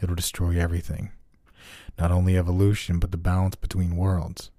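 A man voicing a villainous double of the hero who threatens him in low, half-whispered tones. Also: monotone, brisk, dark tone, no room sound, clean studio sound. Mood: menacing. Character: menacing male double, a villainous other self.

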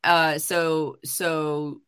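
A woman's voice: low voice, little pitch movement, very slow, a bit bright, clear, resonant tone. A woman hosting a casual livestream chat, talking heatedly with frequent swearing, fillers and restarts. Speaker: livestream host. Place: home livestream.

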